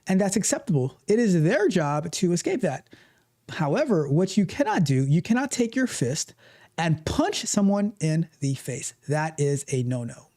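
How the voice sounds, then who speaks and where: A woman's voice: fairly low pitch, big pitch swings, normal speed, dark tone. A woman coach giving a motivational talk, speaking emphatically, repeating her points and acting out how people react. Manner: emphatic, repetitive, acts out quoted reactions.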